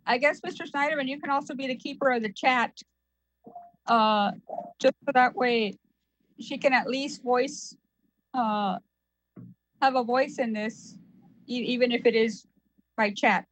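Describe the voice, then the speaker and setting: Woman, board chair, high voice, formal agenda reading, dry close sound. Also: fairly even intonation, measured pace, long pauses, no room sound, rough recording. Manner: formal, reads agenda items, hesitant fillers. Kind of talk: chairing a virtual public meeting.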